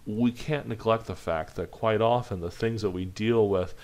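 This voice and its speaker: Deep-voiced male animation teacher, loose and chatty, narrating as he draws. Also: normal speed, a little mellow. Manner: loose, chatty, thinking aloud while drawing. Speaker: animation instructor. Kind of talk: live drawing demonstration lesson.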